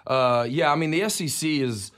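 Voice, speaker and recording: A man's voice: a little high, moderate pace, fairly bright tone. A man from Alabama with a Southern accent, a guest chatting casually in a radio studio and laughing often. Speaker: guest comedian. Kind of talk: casual chat.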